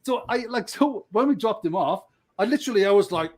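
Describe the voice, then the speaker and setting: A man's voice: high-pitched, animated, quick pace. A middle-aged man telling stories on a podcast, laughing often and acting out the voices of people he quotes. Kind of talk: casual storytelling.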